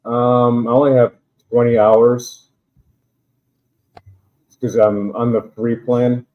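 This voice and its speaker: A man's voice: mid-range voice, level tone, slow, phone-quality sound. A man hosting a livestream, laid-back and casual, swearing now and then. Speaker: livestream host. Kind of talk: casual chat.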